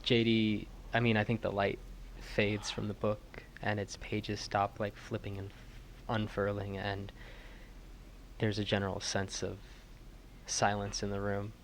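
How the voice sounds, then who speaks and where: A man playing a tabletop role-playing game, describing his character in slow, hushed, emotional storytelling. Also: fairly low pitch, monotone, a little hiss or hum. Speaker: player.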